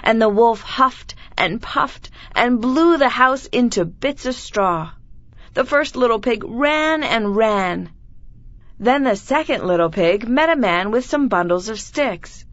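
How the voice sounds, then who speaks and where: A woman reading a children's story aloud clearly and deliberately for learners. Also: a little high, expressive, no room sound, lo-fi sound. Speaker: reader of children's stories.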